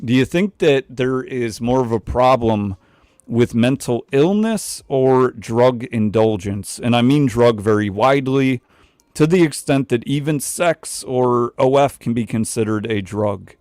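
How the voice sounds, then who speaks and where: A man hosting a casual livestream chat, loose and joking, talking in quick bursts. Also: mid-range voice, a little mellow, dry recording, clean studio sound. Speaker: livestream host.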